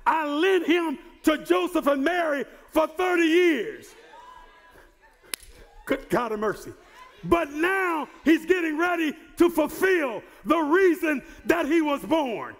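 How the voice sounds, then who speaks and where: A male pastor preaching a sermon who repeats and restarts words and builds to shouted emphasis. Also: extremely high pitch, animated, slow, gravelly, long reverb tail. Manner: repeats words and stumbles on starts.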